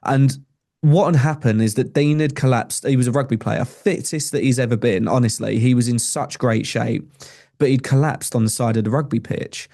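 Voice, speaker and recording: A man's voice: medium pitch, fairly even intonation, normal speed, gravelly, warm tone. A young adult man, a podcast guest telling a personal story in an earnest, conversational way with frequent restarts. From England.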